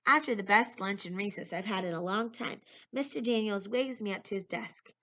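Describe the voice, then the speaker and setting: Female reader, novel aloud, bright tone, dull audio. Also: mid-range voice, brisk. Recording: lo-fi recording.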